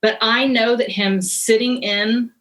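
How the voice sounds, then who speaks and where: A woman's voice: a little high, fairly even intonation, measured pace, fairly bright tone, low-quality recording. A woman in her forties, a parenting expert guest in an interview, speaking earnestly and reflectively about raising children. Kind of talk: conversational interview.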